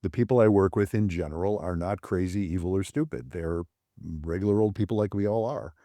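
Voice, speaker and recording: A man's voice: sits low, fairly quick, dark tone, dry recording, clean studio sound. A male psychologist speaking as a podcast guest, reflective, illustrating his points with quoted examples from couples. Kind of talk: podcast interview.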